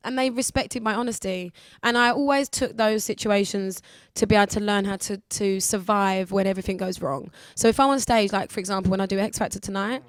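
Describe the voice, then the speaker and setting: Brief: woman, 20s, radio guest, candid and lively, dry close sound. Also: medium pitch, fairly quick, few pauses, no room sound. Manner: candid, lively, acts out other people's voices. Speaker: guest singer. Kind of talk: casual radio interview chat.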